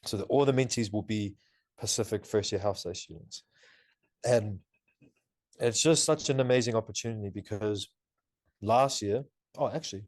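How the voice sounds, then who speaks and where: A young man in his twenties from New Zealand, a podcast guest and student telling stories in an animated, laughing way with lots of fillers. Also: fairly low pitch, dry recording, studio quality. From Auckland, New Zealand. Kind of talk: casual interview talk.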